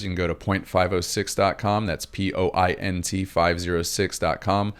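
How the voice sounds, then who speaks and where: Niski, gładki głos Amerykanina. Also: male voice, low voice, flat delivery, moderate pace, few pauses, clear, resonant tone. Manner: rambling, emphatic, swears, frequent restarts. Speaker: political commentator and artist. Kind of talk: casual political commentary monologue.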